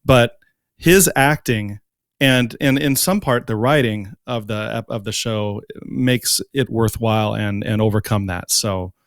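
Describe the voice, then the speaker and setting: A man's voice: lowish voice, unhurried, no echo. Laid-back man with a dry, close sound. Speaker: guest co-host. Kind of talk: casual review chat.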